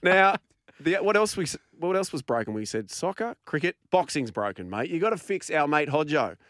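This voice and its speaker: A man hosting casual sports radio, cheeky and joking in quick back-and-forth banter. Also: on the high side, very animated, fairly bright tone, no echo, studio quality. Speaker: radio host.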